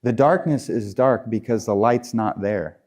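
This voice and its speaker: A man's voice: on the low side, a little slow, a little mellow. A man preaching a sermon in a conversational way, often repeating and restarting his phrases. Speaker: pastor.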